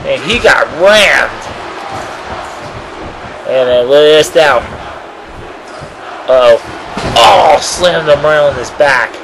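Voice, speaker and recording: A man calls a wrestling match blow by blow in a slightly high voice, drawing each call out slowly. He keeps bursting into excited exclamations. Steady noise sits behind the amateur recording. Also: vocal fry, low-quality recording. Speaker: wrestling commentator. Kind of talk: amateur play-by-play commentary.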